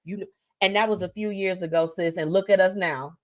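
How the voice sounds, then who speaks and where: A woman's voice: on the low side, steady tone, brisk. Effusive, chatty woman show host. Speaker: host of a weekly live show. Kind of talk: casual livestream talk show sign-off.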